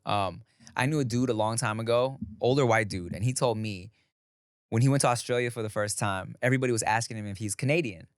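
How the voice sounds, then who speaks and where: A man co-hosting a podcast, chatting loosely and swearing, getting louder when worked up. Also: mid-range voice, fast, no room sound, clean studio sound. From Los Angeles. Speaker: podcast co-host. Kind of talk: casual chat.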